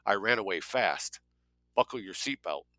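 A terse man on the run in a thriller audiobook, speaking low and clipped, as the narrator reads him. The tone is forceful and bright, recorded close and dry. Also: expressive, normal speed, dry recording. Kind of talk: audiobook character voice.

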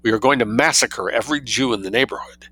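A man voicing a suave, mischievous young man who spins outrageous tales with cool calm. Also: mid-range voice, quick pace, close to an everyday voice. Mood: sly, unruffled.

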